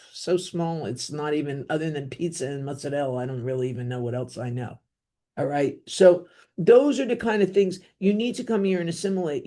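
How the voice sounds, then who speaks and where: A middle-aged woman with a New Jersey accent delivers an opinionated solo podcast monologue. Her voice is mellow and warm, and her tone is blunt and rambling, full of fillers and throwaway asides. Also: deep voice. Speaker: podcast host.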